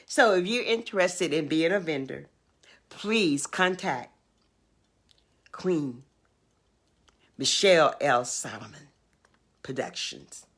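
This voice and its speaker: An older woman chats on her home livestream, announcing events and pitching her wares. She speaks slowly and emphatically, stretching out her words. Her voice is bright and lively, rising and falling a lot. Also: slightly rough. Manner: emphatic, drawn-out, animated selling and urging. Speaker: livestream host. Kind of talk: casual livestream chat and announcements.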